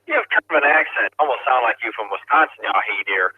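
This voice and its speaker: A man's voice: mid-range voice, expressive, quick pace, husky, dry recording. A man checking in to an amateur radio net, chatting in a rambling, amused way. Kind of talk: casual chat over the radio. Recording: tinny two-way radio audio.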